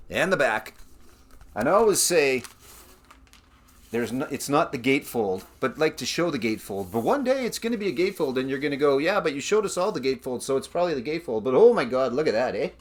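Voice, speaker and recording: A man's voice: mid-range voice, a bit bright. A Canadian man hosting his own record-collecting vlog, chatting casually with rambling asides about the albums he shows. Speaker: record collector channel host.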